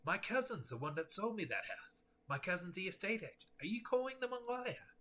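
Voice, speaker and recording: A man's voice: high voice, sing-song, fairly quick, bright, forceful tone, a little hiss or hum, pitched above the performer's own voice, heavily acted. A man voicing a cantankerous, suspicious older man with a haughty, prickly manner.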